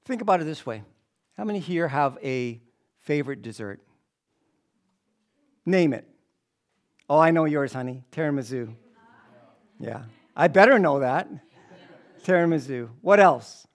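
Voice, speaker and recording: A pastor preaching a sermon to his congregation, animated and joking with the audience. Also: on the high side, measured pace, long pauses.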